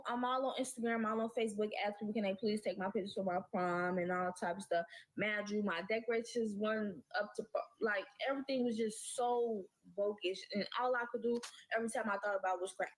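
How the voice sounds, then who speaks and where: Teen girl, casual storytime rant, exasperated, slangy, swears a lot, fairly high voice. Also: rough recording. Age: late teens.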